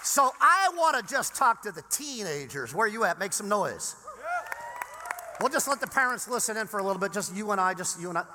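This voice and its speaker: A male pastor from Southern California preaching a sermon in a casual, animated way, with frequent restarts. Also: high-pitched, a little fast, a crowd in the background, background noise. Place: large church sanctuary. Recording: long reverb in a church hall.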